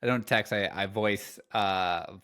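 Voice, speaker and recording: A man's voice: on the low side, takes it slowly, fairly bright tone. A young man co-hosting a comedy podcast, telling stories in a laid-back, chuckling way. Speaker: podcast co-host. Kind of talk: casual comedic chat.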